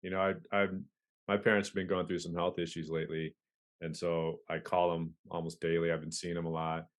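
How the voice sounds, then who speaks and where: Here a policeman guesting on a podcast chats candidly, swearing freely and restarting his sentences often. The voice is deep, with little pitch movement, and the pace is fairly quick.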